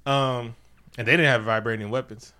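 A man chatting casually about a film, retelling the plot with lots of animation. His voice is bright and clear, and he keeps breaking into exaggerated character voices. The talk is loose and conversational. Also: mid-range voice, fairly even intonation, moderate pace. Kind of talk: casual movie recap chat.

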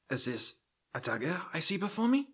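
A man's voice: on the high side, vocal fry, breathy edge, full character voice. A man playing an overexcited actor at an audition who declaims theatrically and gets carried away. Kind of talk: comedy sketch acting.

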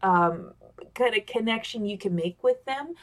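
A woman giving casual, animated communication tips over a webcam. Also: medium pitch, unhurried. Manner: animated, talks with gestures, excitable. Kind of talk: casual instructional talk on camera. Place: home office with a squeaky chair. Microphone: webcam on a video call.

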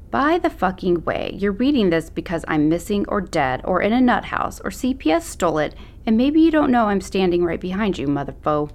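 A woman narrating an audiobook in the first person, with a sassy, slangy teen attitude. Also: mid-range voice.

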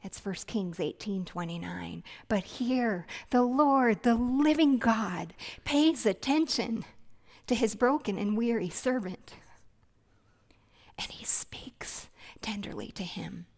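Slow, gentle woman preaching. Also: on the high side. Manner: gentle, earnest and reflective, with soft hushed passages. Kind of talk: sermon.

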